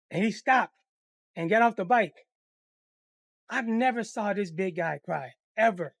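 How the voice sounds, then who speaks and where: Profane, animated male storyteller. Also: high voice, measured pace, creaky, pauses often, dry recording, clean studio sound. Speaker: storyteller, channel host. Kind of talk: casual storytime monologue.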